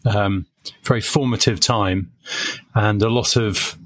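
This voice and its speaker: A man's voice: on the low side, fairly even intonation, slow pace, a bit bright, no room sound. A man, a guest on a podcast, telling rambling, wry anecdotes in casual conversation. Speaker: guest, magazine editor.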